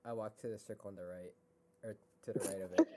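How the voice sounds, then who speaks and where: A man's voice: fairly low pitch, fairly even intonation, fast talker, dark tone. A man playing a tabletop game, making playful asides. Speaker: player.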